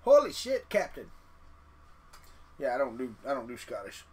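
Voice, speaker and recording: A man's voice: mid-range voice, moderate pace, a little hiss or hum. A man hosting a casual live stream, chatting and muttering to himself as he clicks through settings. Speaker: livestream host.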